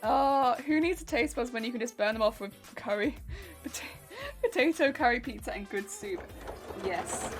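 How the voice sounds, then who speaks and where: A woman with an English accent, chatting casually and playfully with her stream audience while she crafts, rambling and giggling as she goes. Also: medium pitch. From England. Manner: rambling, playful, giggly, reads chat aloud. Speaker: crafting livestreamer.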